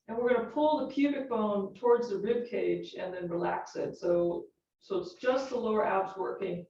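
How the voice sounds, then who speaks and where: A woman teaching a yoga class, calmly cueing each movement and breath while counting repetitions. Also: medium pitch. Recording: roomy, distant, dull-sounding studio recording.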